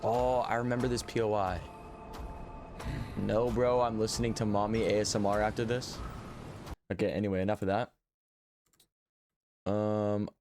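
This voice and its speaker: A man's voice: on the low side, darkish tone. A man streaming live, reacting to his old videos with joking, sarcastic, self-mocking commentary.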